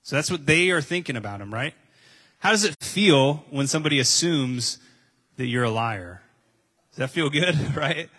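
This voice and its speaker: A man's voice: a little high, animated, normal speed, sharp tone. A man preaching a conversational sermon, reading scripture and asking his listeners questions. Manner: conversational, asks listeners questions, repeats phrases for emphasis. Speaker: pastor.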